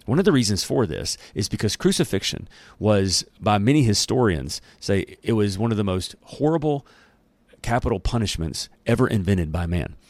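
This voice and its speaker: A low-voiced man teaching a Bible chapter in a relaxed, conversational way, using folksy slang. The sound is dry and close. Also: normal speed, no room sound. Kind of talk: casual Bible teaching and reading.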